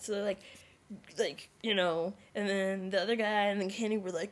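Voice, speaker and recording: A woman's voice: mid-range voice, brisk. Rambling young woman telling a story. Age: young adult. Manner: rambling, animated retelling full of "like" and restarts. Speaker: vlogger. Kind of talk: casual storytelling vlog.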